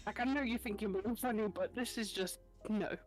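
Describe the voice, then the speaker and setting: A woman's voice: mid-range voice, a little mellow. Woman, British accent, guest, casual chat, chatty, faint background music. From Britain. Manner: chatty, exasperated, quick asides.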